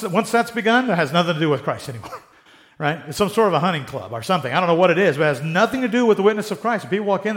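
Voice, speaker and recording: Man, pastor, casual sermon, fairly high voice, slips into quoted voices. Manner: conversational, acts out quoted voices.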